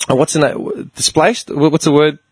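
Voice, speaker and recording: A man, chatting casually and telling a story in an animated, sweary way. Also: a little high, brisk, breathy edge, no echo. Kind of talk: casual chat.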